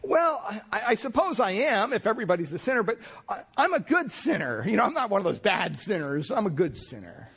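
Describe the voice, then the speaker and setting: A man putting on the voice of a self-satisfied man who insists he is a good sinner, pitched up and pleading. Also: very animated, fairly quick, hardly any pauses, a bit bright, breathy edge, heavily acted. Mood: defensive.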